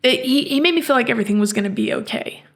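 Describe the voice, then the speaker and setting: Female podcast host, gravelly fry, halting reflective storytelling with frequent restarts. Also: fairly high pitch.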